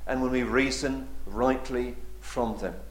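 A male preacher delivering a sermon, swinging between loud emphatic declarations and quiet, drawn-out endings. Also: mid-range voice, echoey room.

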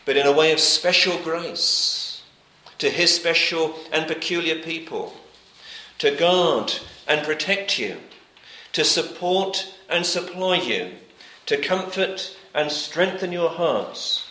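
In a sermon given slowly in an echoey church hall, a man reads old-fashioned scripture language, then hammers each point by repeating it. His voice sits on the high side and is animated, bright, and clear. Often his phrases drop away to a gentle, quiet close.

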